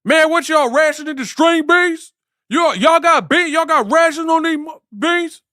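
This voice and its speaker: A man doing an impression of an exasperated streetwise man, with high, whining exclamations and repeated questions. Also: unhurried, bright, forceful tone, dry recording, studio quality, heavily acted.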